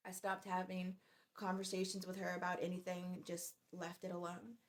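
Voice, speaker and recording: A woman's voice: on the low side, monotone, moderate pace. A woman in her forties telling a workplace story in a chatty, exasperated way. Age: 40s. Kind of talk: casual storytime vlog.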